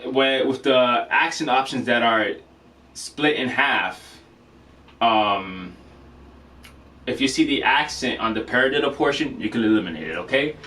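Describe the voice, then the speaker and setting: Laid-back man teaching a drum lesson. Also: medium pitch. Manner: relaxed, filler-heavy, says "okay?" often. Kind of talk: casual video lesson. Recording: distant mic with faint noise.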